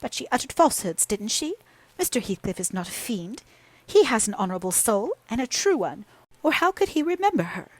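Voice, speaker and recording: A woman doing a shrill, sobbing young lady. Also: very animated, a little fast, no echo. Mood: tearful, indignant. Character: tearful, jealous young woman, sulky and pleading.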